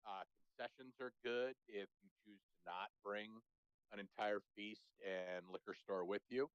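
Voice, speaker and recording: A man's voice: on the low side, fairly even intonation, measured pace, smooth, no room sound. Profane rambling man on a lo-fi mic. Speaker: podcast co-host. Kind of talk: casual sports chat. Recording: dull, lo-fi sound.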